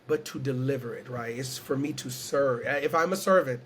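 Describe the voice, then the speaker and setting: A man's voice: mid-range voice, brisk. A man from Houston, Texas, speaking earnestly and reflectively as an interview guest, close to tears, often repeating himself. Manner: earnest, searching, repeats phrases, emotional. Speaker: guest storyteller and entertainer.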